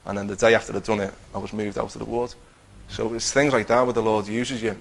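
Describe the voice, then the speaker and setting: A man's voice: fairly low pitch, flat delivery, fast talker, creaky, low-quality recording. A man telling a personal faith testimony in a conversational way, acting out what he and others said. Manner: conversational, acts out his own quotes, many restarts.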